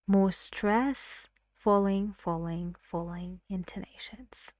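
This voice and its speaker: A woman teaching an English pronunciation lesson, speaking slowly and clearly and reading example sentences aloud. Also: medium pitch, a little mellow, no room sound, clean studio sound.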